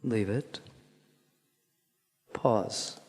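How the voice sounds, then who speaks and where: A man calmly guiding a movement lesson, giving instructions with pauses and counted beats. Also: on the low side, breathy edge. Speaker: movement teacher. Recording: long hall reverb.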